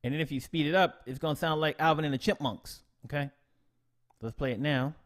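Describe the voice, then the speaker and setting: A young man with a fairly high voice hosts a casual live stream. He talks in a chatty, upbeat way, full of playful slang. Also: steady tone, a little fast, soft background music. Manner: upbeat, slangy, chatty, reads chat shout-outs aloud.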